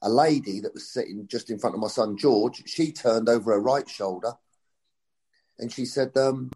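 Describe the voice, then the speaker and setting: Speaking at a moderate pace in a mellow, mid-range voice, a middle-aged football coach recounts anecdotes for an interviewer. It's chatty storytelling, with quotes acted out.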